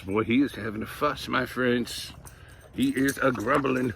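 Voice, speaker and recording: A man reading a picture book aloud to children, playful and animated, chatting with them between pages. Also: mid-range voice, moderate pace, creaky, breathy edge. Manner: playful, animated, talks to kids directly. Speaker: storytime reader.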